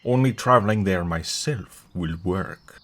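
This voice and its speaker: A man voicing a scheming male demon in a radio-style fantasy drama, gloating and measured. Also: sits low, fairly bright tone.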